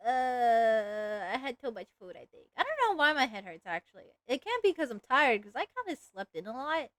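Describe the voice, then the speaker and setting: Woman streamer, casual rambling chat, smooth clear voice, fairly high pitch, dry close sound. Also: big pitch swings, moderate pace, a bit bright, no echo. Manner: rambling, lots of "like" fillers. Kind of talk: casual livestream chat while drawing.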